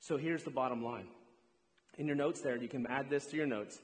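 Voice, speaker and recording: A man preaching a lively sermon, drawing the congregation in and cheering them on. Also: mid-range voice, brisk. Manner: energetic, hypes up the crowd. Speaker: pastor. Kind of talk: sermon with audience participation. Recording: long hall reverb.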